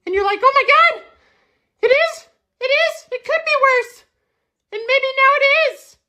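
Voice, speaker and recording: Squeaky, very high, bright childlike puppet monster, profane and mock-dramatic, for a parody video clip. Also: male voice, moderate pace, exaggerated voice. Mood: ranting. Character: small furry red monster puppet, childlike, foul-mouthed.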